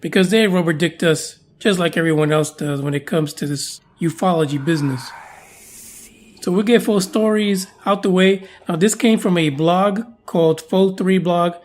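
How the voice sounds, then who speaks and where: A man's voice: high voice, normal speed, slight background noise. A man hosting a podcast in a casual, jokey, chatty way with playful asides. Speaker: podcast host.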